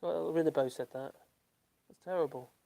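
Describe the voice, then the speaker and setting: Reading out chat on a laid-back livestream, an older Norfolk man speaks in his local English accent, meandering and hesitant with lots of ums and laughs. His voice is fairly high-pitched yet creaky and dark in tone.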